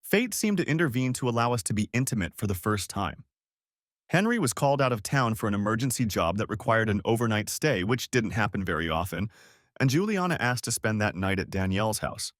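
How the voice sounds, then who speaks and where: A man voicing a soft-spoken unfaithful wife. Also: on the low side, dry recording, studio quality, lightly acted. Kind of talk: audiobook story reading.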